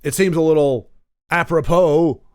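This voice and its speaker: A man's voice: fairly high pitch, unhurried, clear, resonant tone, no room sound, clean studio sound. Rambling man on a solo podcast. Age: adult who grew up with Nintendo. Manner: rambling, many restarts and self-corrections. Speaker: podcast host.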